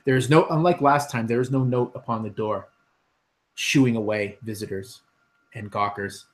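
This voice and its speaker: A man's voice: mid-range voice, steady tone, normal speed. Rambling man running a tabletop game. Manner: rambling, many ums and restarts. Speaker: dungeon master.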